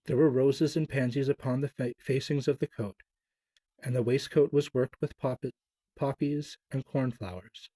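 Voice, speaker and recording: A man reading a classic children's story aloud, gentle and expressive, with small stumbles. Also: mid-range voice, moderate pace, dry recording.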